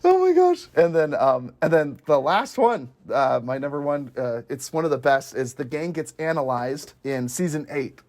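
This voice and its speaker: This is a casual podcast host recapping favorite scenes, laughing often as they go. The delivery rambles, full of fillers and restarts, with constant eager enthusiasm. The voice sits at an ordinary middle pitch. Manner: rambling, many fillers and self-corrections. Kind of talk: casual chat recapping a comedy series.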